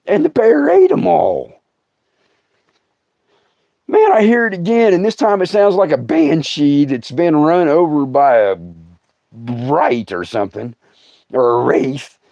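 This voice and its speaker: A middle-aged man with a drawl spins a funny campfire-style yarn on a livestream. His voice sits a bit high and leaps all over the place as he laughs along. The sound is dry and slightly dull. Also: measured pace, creaky, pauses often, dry recording. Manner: animated, laughing through his own story, breaking into loud outbursts. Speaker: comedian host. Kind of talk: comic storytelling livestream.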